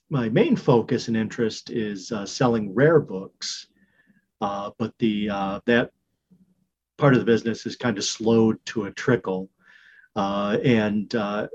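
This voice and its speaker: A man's voice: lowish voice, a little mellow, lo-fi sound. A man playing a struggling bookstore owner who collects occult books, talking hesitantly. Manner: hesitant, many "uh" pauses.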